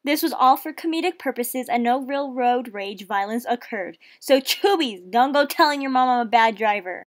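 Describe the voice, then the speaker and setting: A woman's voice: fairly high pitch, lively intonation, normal speed, few pauses. A young woman vlogging in a chatty, dramatic, self-mocking way, talking while she drives a car. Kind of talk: casual vlog chat. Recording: noisy car interior.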